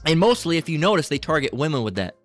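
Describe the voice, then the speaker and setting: A man's voice: a little high, big pitch swings, fast talker, soft background music. A middle-aged man in a crude, profane, rambling commentary, reading text aloud and asking "right?" a lot. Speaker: channel host.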